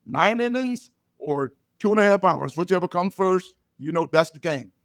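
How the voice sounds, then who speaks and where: An older man, a comedian guest, telling stories and jokes in a loud, punchy way. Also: high-pitched, moderate pace, no echo, clean studio sound. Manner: loud punchy joke delivery, animated storytelling. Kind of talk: storytelling comedy chat.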